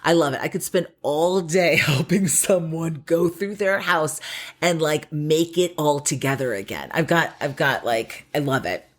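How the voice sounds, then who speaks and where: A young adult woman co-hosting a podcast in casual chat, animated, laughing often and repeating herself. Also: deep voice, measured pace. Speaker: podcast co-host.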